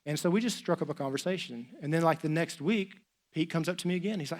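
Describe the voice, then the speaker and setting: Middle-aged male pastor on a church stage with a slightly high voice, easygoing, talky delivery and dialogue he acts out. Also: fast. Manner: lively, chatty, acts out dialogue with many "like"s. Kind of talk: storytelling sermon.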